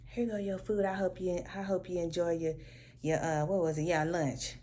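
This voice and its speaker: A woman's voice: fairly low pitch, level tone, moderate pace, dark tone, a little hiss or hum, lightly acted. A woman voicing a rude male delivery passenger who turns falsely polite at the door. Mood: fake friendly. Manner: fake-friendly greeting.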